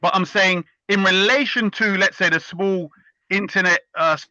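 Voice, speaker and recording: Man, online debate host, brash, mocking, sharp bright voice, muffled call audio. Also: high-pitched, moderate pace, no room sound. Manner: brash and mocking, talks over others. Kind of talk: heated debate chat.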